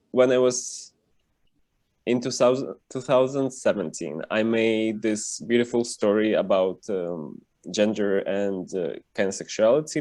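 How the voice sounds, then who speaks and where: A man who is a cartoonist, guest in a casual interview over a video call, talking with lots of fillers and lively emphasis. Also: fairly low pitch.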